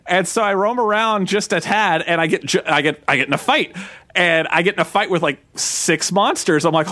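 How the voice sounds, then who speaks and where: A man in his thirties co-hosting a casual podcast, retelling a game with animated quoted voices. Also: moderate pace, dry recording. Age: 30s. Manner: animated, acts out quotes in a high put-on voice. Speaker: podcast co-host.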